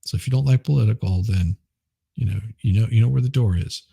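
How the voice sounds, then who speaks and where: A man's voice: on the low side, fast, vocal fry, dark tone, breathy edge, no room sound, clean studio sound. A man hosting a live stream, rambling casually and chuckling as he reads chat. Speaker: livestream host.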